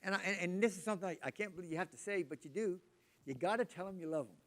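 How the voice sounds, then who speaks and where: An older man with a high voice delivers a casual, rambling sermon at rapid-fire speed. He repeats words and keeps turning to the congregation with chatty asides.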